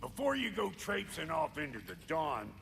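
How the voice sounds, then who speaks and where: An actor playing a gruff, grudging male dwarf smith in a video game. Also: a little high, sing-song, normal speed, exaggerated voice. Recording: noisy game audio with long reverb.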